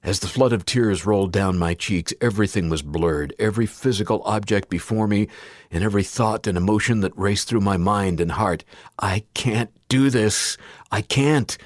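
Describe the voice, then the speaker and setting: A man's voice: lowish voice, a little fast, no echo, studio quality. A man reading a memoir aloud as an audiobook narrator, voicing the quoted cries with feeling. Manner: acts out anguished quoted cries, rising to pleading.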